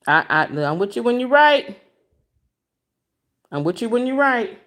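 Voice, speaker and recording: A woman from Michigan hosting a casual livestream from home, talking to viewers on a phone she holds as she walks around, emotional and expressive with a preachy streak. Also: medium pitch, moderate pace, pauses often. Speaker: livestream host. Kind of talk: casual livestream commentary to a chat. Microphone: phone held in hand.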